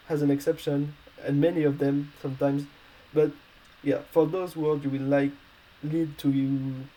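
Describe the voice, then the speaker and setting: Hesitant, mellow-voiced male language teacher. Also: fairly high pitch, poor audio. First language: not English. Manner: hesitant, many fillers and restarts. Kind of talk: explaining a grammar lesson.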